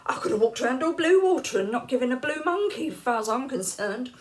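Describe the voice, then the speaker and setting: English woman, late fifties, chatty storyteller, laughs a lot, somewhat high voice. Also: lively intonation, fast. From England. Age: late 50s. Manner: chatty, laughs often, acts out quoted lines. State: unwell, feeling hot and cold. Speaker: vlogger. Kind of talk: casual storytelling to camera.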